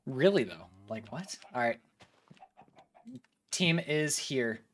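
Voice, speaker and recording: A man hosts a casual gaming stream with his friends, talking loudly and excitably and swearing freely. His pitch leaps up and down as he reacts. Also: slow pace. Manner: loud, excitable, swears a lot.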